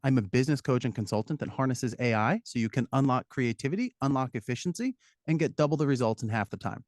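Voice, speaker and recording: A man, a business consultant, talking as a guest in a studio interview, lively and explaining with examples. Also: medium pitch, fast, no echo. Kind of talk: casual interview chat.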